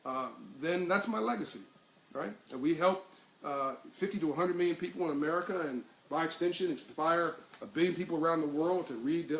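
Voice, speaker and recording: Middle-aged man, raised pitch, loose rambling live delivery that turns fervent; echoey room, faint hiss. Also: a bit bright. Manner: rambling, with many restarts and fillers, then building to fervent speech. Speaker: livestream host reading viewer comments. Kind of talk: casual live talk to viewers.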